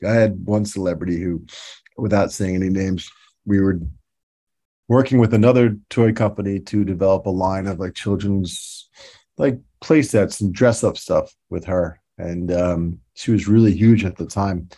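A man as a podcast guest, telling stories in a relaxed way with laughs and fillers. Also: sits low, normal speed, breathy edge. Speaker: podcast guest, toy designer. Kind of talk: casual interview.

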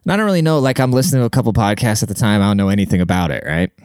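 A man's voice: on the low side, lively intonation, racing, darkish tone, clean tone, dry recording, clean studio sound. A man rambling through a casual comic monologue, profane and self-deprecating, full of fillers. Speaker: comedian and podcaster.

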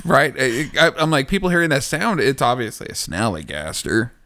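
Male podcast host, animated storyteller, jokey and profane. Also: mid-range voice, moderate pace, dry recording. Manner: jokey, swears, laughs a lot. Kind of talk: casual chat and story narration.

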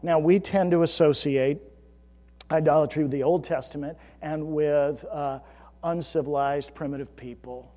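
A man preaching a sermon as pastor, earnest, swelling into emphatic storytelling and dropping to a hush. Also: a little high, steady tone, moderate pace, long reverb tail. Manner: earnest, rising to emphatic storytelling then hushed.

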